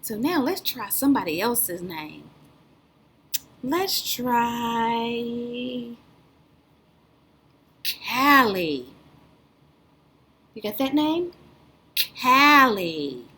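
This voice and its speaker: A woman's voice: fairly high pitch, sing-song, very slow, long pauses, pushed and bright, husky. A woman teacher giving a speech lesson to young children, patient and drawn out in a sing-song way.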